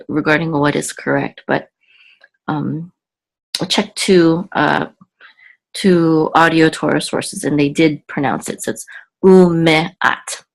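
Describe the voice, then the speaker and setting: A woman with a low voice who talks slowly and patiently, explaining each word as she goes. She pauses often, stops to think aloud and corrects herself mid-sentence. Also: creaky, low-quality recording. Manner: halting, thinks aloud, frequent ums and self-corrections. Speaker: Hebrew teacher. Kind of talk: slow, patient word-by-word teaching.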